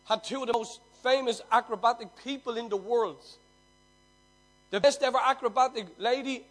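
A man preaches through a long parable in a high voice. He punches some points loudly and lets others drop almost to a hush. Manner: swings from loud emphasis to near-hushed telling. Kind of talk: sermon storytelling.

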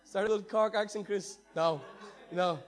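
A man preaching a sermon as pastor, impassioned, swinging from loud exhortation to hushed asides and stumbling over repeated words when fired up. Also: a little high, normal speed, faint music behind.

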